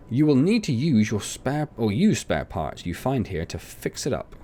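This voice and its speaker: A man's voice: medium pitch, sing-song, normal speed, dark tone, a little hiss or hum. A young man chatting casually and rambling as he plays through a farming game, poking fun at himself. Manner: chatty, rambling, self-mocking. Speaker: gaming channel host. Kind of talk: casual let's play commentary.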